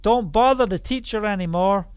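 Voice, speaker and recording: A man's voice: high-pitched, moderate pace, clear, resonant tone, no room sound, studio quality, voice pushed up, close to an everyday voice. A man acting out a desperate father who pleads, with anguish, for his dying daughter.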